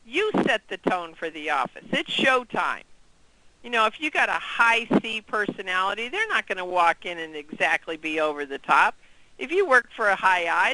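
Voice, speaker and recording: A man leading an interactive training session, energetic and quizzing the group. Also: sits high, no echo, rough recording.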